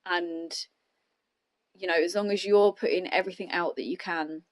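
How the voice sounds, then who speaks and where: In a lowish, fairly even voice at normal speed, a woman hosts a podcast with casual, reflective chat. She tends to ramble and frequently starts her thoughts over.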